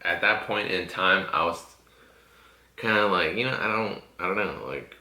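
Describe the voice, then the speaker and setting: A man with a deep, bright-edged voice tells a story in a relaxed, foul-mouthed way, padding his talk with "you know" and "like." The sound is roomy and echoey. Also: moderate pace. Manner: profane, laid-back storytelling with frequent fillers. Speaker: podcast host. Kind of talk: casual podcast chat.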